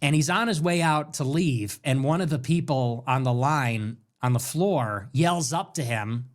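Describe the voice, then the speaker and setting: A man hosting a ranting political talk show. He talks in an animated way and swings between loud bursts and muttered asides. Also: fairly high pitch, a little slow, hardly any pauses. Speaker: show host.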